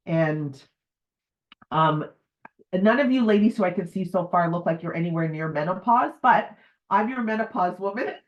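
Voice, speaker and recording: A woman in her fifties, a menopause educator, speaking candidly and emotionally on a video call. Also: lowish voice. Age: 50s. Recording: dull lo-fi video call audio.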